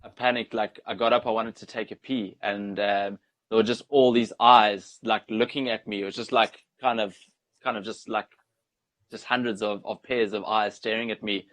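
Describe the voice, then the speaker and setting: This ultra trail runner from South Africa is young and speaks with his native accent at a normal pace, his voice fairly low, steady and somewhat bright. As a guest on an interview program, he drifts casually from one anecdote to the next.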